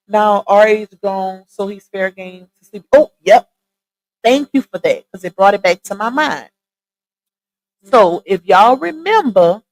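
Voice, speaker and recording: A woman with a Southern Louisiana accent hosting a live stream, chatting casually and straight to her viewers on a boom-arm mic. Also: low-quality recording. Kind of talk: casual chat. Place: home streaming setup. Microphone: side-mounted boom arm mic.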